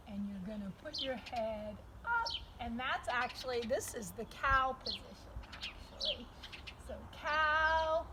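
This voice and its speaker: A woman leading a yoga lesson for young children outdoors, gentle and coaxing with playful animal sounds. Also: sits high, background noise. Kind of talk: sing-song kids' yoga lesson. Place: outdoors in a yard with birdsong. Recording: outdoor recording with loud birds. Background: loud birdsong.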